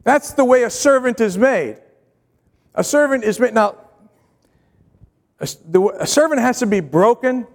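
A high-pitched man preaching a midweek sermon, pressing his point with repeated phrases and questions to the congregation. His voice rings with a long hall reverb, as if in a large church sanctuary. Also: expressive, measured pace, gravelly, pauses often. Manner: earnest, repetitive, rhetorical questions to the congregation. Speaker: pastor.

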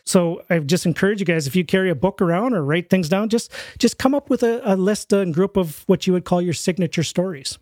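A man with a fairly high voice talks as a podcast guest in a casual interview. He tells his stories with animation and slips into the voices of the people in them. The recording is dry and close, with almost no room sound. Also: no echo. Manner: animated storyteller, acts out quoted voices.

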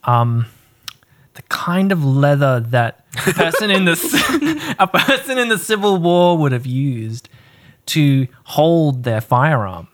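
A man's voice: fairly high pitch, lively intonation, slow, fairly bright tone. Playful, joking podcast man. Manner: playful, absurd jokes, giggly. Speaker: podcast co-host. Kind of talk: casual tasting chat.

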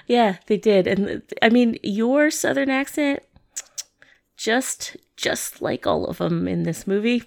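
A woman's voice: on the high side, takes it slowly, gravelly. A woman co-hosting a podcast, chatting casually with dry, wry remarks. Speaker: podcast co-host. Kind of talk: casual chat.

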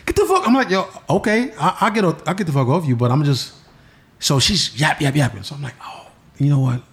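A man telling a story in casual chat, slangy and animated, his voice jumping up for quoted lines. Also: on the high side, brisk, creaky.

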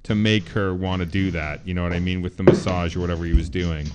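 A man's voice: deep voice, little pitch movement, fast talker, very noisy. A man co-hosting a casual movie podcast, telling scenes animatedly and swearing freely. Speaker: podcast co-host.

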